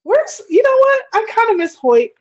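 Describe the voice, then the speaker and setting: A young woman talks casually on a podcast, rambling through her thoughts with frequent laughs. Her voice is high, and the recording sounds a little dull and lo-fi. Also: very animated, normal speed. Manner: chatty, rambling, laughs often. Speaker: podcast co-host. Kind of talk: casual chat.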